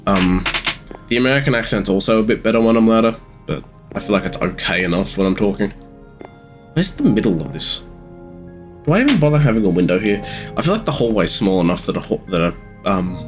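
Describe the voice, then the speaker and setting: An eighteen-year-old Australian man rambling through casual gameplay commentary with halting ums, sounding sleepy. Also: lowish voice. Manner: rambling, halting, many ums, sometimes swears. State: sleepy, yawning. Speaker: gamer streamer.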